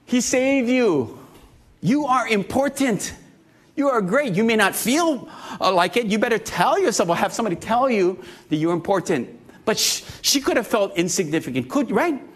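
A man's voice: sits high, animated, moderate pace. A man in his fifties preaching a sermon, talking conversationally, joking and asking the congregation questions. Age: 50s. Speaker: pastor.

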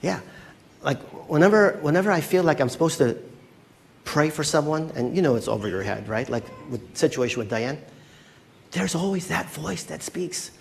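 A man preaching a sermon as a pastor, conversational and animated, often checking in with his listeners. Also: fairly high pitch, moderate pace, vocal fry, a little hiss or hum.

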